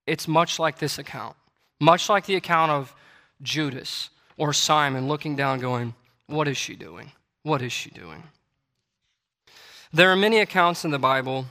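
Speaking at normal speed, this preacher has a medium pitch and a steady but sharp tone. He reads scripture in King James wording and drives toward forceful, repeated declarations. The recording carries the long reverb of a church sanctuary.

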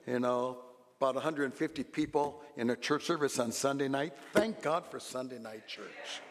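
A man preaching a sermon as a pastor, swinging from low asides to loud, animated exclamations. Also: moderate pace, in a large hall, a faint crowd, a little hiss or hum.

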